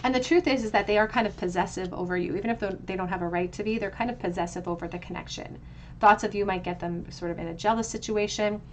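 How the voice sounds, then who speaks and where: A woman's voice: mid-range voice, fast, slight background noise. Woman giving a flowing tarot reading. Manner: flowing, reflective, spiritual phrasing with frequent restarts. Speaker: tarot reader. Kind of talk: tarot card reading monologue.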